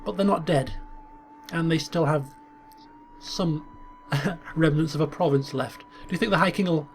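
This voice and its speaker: A man's voice: a little high, a little slow, a little hiss or hum. A man hosting a strategy game video, thinking aloud in a chatty way with stumbles and small chuckles. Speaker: gaming channel host. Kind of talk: strategy game commentary with role-play asides.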